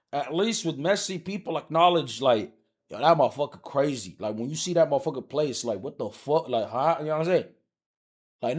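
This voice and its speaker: A man live streaming, ranting heatedly and profanely about soccer, repeating himself as he argues with his chat. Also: fairly high pitch.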